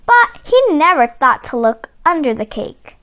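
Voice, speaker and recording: A woman reads a children's picture book aloud, lingering over each line. Her high, bright, animated voice moves a little slowly, with gentle and expressive storybook pacing.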